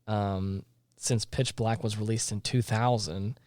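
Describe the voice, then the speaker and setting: A man's voice: on the low side, fairly even intonation, slow, a little mellow, dry recording, clean studio sound. A man co-hosting a casual podcast, reading film trivia aloud with frequent fillers and small laughs. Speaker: podcast co-host.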